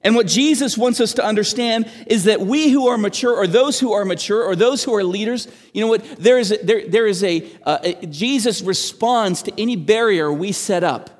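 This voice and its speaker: A man, a pastor, preaching a sermon in an animated, emphatic way with frequent restarts. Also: sits high, big-room sound. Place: church.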